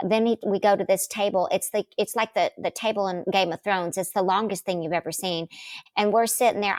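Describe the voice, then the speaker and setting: Middle-aged woman guest, animated storyteller, big pitch leaps, dry close sound. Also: no echo. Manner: lively, acts out quotes with big pitch jumps.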